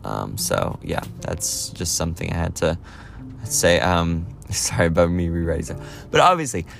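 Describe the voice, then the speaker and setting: Deep-voiced guy rambling about movies, lots of ums and likes, faint music behind. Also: animated, a little slow, gravelly. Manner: rambling, full of fillers and restarts. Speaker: movie vlogger. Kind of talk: casual chat.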